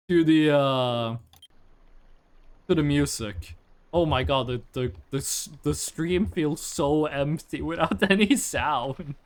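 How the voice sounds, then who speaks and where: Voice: mid-range voice, slow. A streamer from Norway with an American-sounding accent, rambling chattily through casual game commentary with lots of likes. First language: Norwegian.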